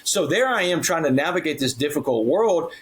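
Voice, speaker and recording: A man's voice: fairly high pitch, fairly quick, low-quality recording. Man telling a personal story earnestly. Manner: earnest, animated storytelling with quoted dialogue. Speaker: guest speaker. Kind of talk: storytelling interview.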